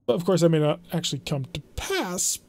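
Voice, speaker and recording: A man's voice: a little high, lively intonation, brisk, darkish tone. A man hosting a game let's play, commenting in a wry, chatty, self-deprecating way as he plays. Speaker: gaming channel host.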